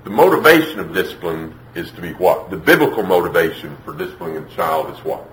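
Animated, bright-voiced male preacher. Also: low-pitched, reverberant, slight background noise, poor audio. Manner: emphatic, acts out parents and children in quick put-on voices. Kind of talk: sermon.

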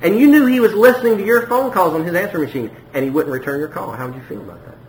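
Guy preaching a sermon, kinda high voice, chatty, stumbles and repeats himself, roomy echo w faint hum. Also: expressive, rapid-fire. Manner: conversational, repeats words, rises to emphatic peaks and drops low. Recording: echoey room with faint background noise.

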